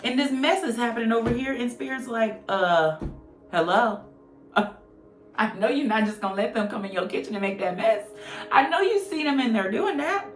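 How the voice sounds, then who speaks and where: A woman's voice: on the high side, animated, fairly quick. A woman giving a casual tarot reading, blunt, slangy and profane, joking as she goes. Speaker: tarot reader. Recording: roomy echo with faint music.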